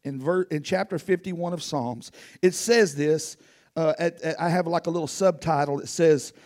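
A man preaching a sermon outdoors in a folksy, animated way with casual grammar. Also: a little high, normal speed. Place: outdoors, wind blowing.

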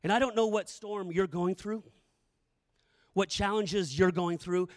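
A man's voice: high-pitched, steady tone, unhurried, long reverb tail. A middle-aged male pastor preaching a sermon, telling the story dramatically and repeating phrases for emphasis.

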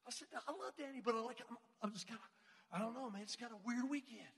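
A man's voice: extremely high pitch, fast, vocal fry, fairly bright tone, husky. A man telling a personal story in casual talk, acting out the voices in it with many fillers. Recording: long hall reverb.

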